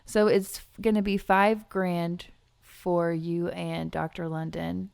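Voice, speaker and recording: A woman guest on a podcast, playing along deadpan with absurd jokes. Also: lowish voice, slow pace, creaky, clean tone, no echo. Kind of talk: casual chat.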